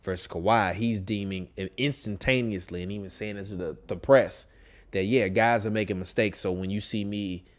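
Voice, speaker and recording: A man with a lowish voice talks through sports in a loose, animated way. He trails off and corrects himself as he goes. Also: moderate pace. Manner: animated, rambling, frequent self-corrections. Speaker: podcast co-host. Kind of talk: casual sports talk.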